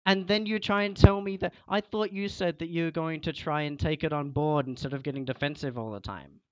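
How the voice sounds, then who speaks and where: A man's voice: a little high, fairly quick, dry recording, muffled recording. A young man streaming a game, lecturing and scolding a teammate in casual chat.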